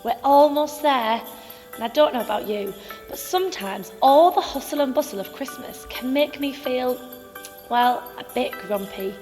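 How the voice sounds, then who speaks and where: Expressive woman reading a bedtime story. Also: sits high, moderate pace, long reverb tail, soft background music.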